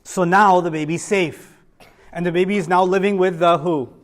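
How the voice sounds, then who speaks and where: Animated man telling a story to kids. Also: high-pitched, normal speed. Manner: animated, acts out characters with voice changes, asks the kids questions. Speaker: teacher telling a story to children. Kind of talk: storytelling lesson for children. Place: room with children listening.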